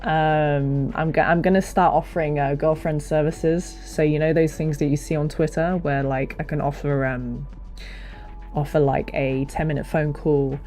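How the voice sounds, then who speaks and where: Low-voiced woman, rambling livestream chat. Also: fairly even intonation, normal speed, mellow, faint music behind. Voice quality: low, deep voice. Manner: rambling and chatty, self-deprecating, with many fillers and restarts. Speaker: streamer and hobby voice actor. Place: home streaming setup. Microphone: desk mic on a stand.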